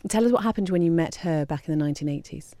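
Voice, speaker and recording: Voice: mid-range voice, fast, mellow, no echo. A radio host introducing a song and interviewing a guest, asking questions with frequent fillers.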